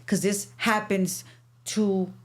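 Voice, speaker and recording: A woman's voice: mid-range voice, level tone, slow pace. Woman host, casual interview, supportive, direct, talks to the audience. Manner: supportive, direct, addresses viewers.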